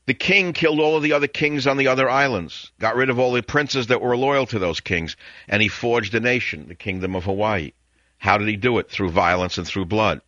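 A man's voice: fairly low pitch, a little fast, pushed and bright, dry recording, lo-fi sound. An older man hosting a radio talk show from a studio, rambling and reflective with wry asides.

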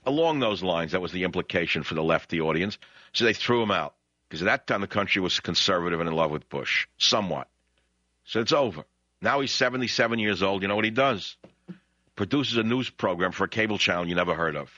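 A deep-voiced man with a New York accent delivers an opinionated talk radio monologue. His tone is forceful and his pitch leaps around as he rants sarcastically. The audio is dry and dull, with a lo-fi broadcast sound. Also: expressive, fairly quick, dry recording. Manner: ranting, sarcastic, with sudden rising outbursts. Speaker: radio talk show host.

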